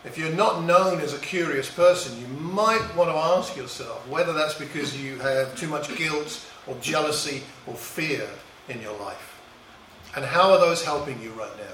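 In a fairly high, fairly bright voice at normal speed, a middle-aged Englishman muses over a tale from his boyhood, making small restarts. He is recorded from a distance in an echoey room, with slight background noise.

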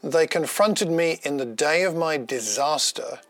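A man giving a gentle, personal devotional talk, unhurried, with small pauses and restarts. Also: fairly high pitch, dry recording, faint music behind. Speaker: devotional speaker.

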